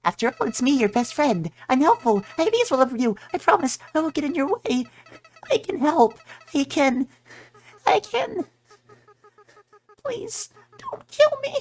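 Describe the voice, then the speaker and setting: A man voicing a small flower creature who begs desperately in a squeaky, very high voice. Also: sing-song, unhurried, full character voice. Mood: begging. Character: frantic pleading little flower creature.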